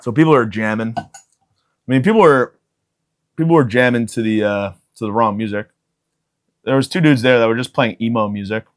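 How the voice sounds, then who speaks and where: A man's voice: medium pitch, brisk, long pauses. Profane rambling podcast man. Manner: profane, self-mocking, riffing. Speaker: podcast host. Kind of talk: rambling comedic monologue.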